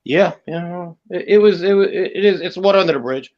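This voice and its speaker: A man tells profane street stories in a casual online chat, often stumbling and restarting his sentences. His voice sits a little high, and the audio is dull and lo-fi. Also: a little fast. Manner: profane storyteller with many restarts. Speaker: guest.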